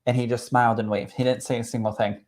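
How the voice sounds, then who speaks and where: A man, a spirit medium, sharing a personal story in an expressive, chatty way that swells with emotion. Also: medium pitch, fast. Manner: expressive and chatty, full of "like" and "literally".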